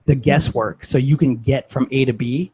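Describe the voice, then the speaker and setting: A man's voice: mid-range voice, fairly even intonation, normal speed, mellow, a little hiss or hum, low-quality recording. A man talking casually as a fitness coach, conversational and full of "like" and "right?".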